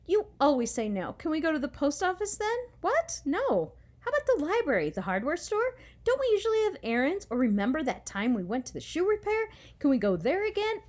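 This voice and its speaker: Lively woman reading a children's book. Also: high-pitched. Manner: animated, switching voices for each character. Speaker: storybook reader. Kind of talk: children's book read-aloud.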